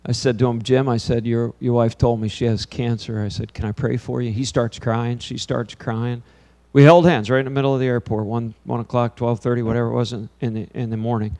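A man in his fifties, a pastor preaching to a congregation, telling a lively story, then turning quiet and earnest. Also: medium pitch, fairly quick, few pauses. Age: 50s. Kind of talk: sermon with storytelling. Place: church before a congregation.

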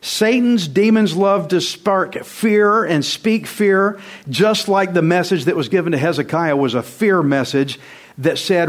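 A male pastor delivers a sermon in a somewhat high voice. He preaches emphatically, speaking straight to his congregation in a conversational way. He drives his points home with a stream of rhetorical questions. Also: a little slow. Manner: conversational, direct address to the congregation.

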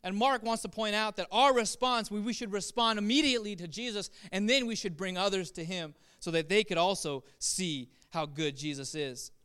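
A man's voice: high voice, moderate pace, hardly any pauses, pushed and bright, clear, resonant tone. A man preaching a sermon with rising emphasis, repeated phrases and rhetorical questions. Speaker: pastor.

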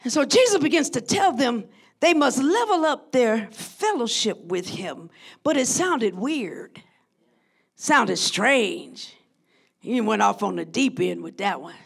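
A woman preaching a sermon who swings from hushed, drawn-out lines to shouted crescendos and calls out to her congregation. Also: on the high side, lively intonation, creaky, breathy edge. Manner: call-and-response with the congregation.

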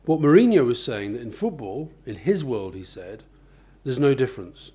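A man with a mellow, husky voice talks through his ideas in a relaxed interview. He backs up each point with examples and often restarts his sentences as he thinks. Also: medium pitch, moderate pace. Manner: thoughtful, explains with examples, many restarts. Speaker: author and interviewee. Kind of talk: conversational interview.

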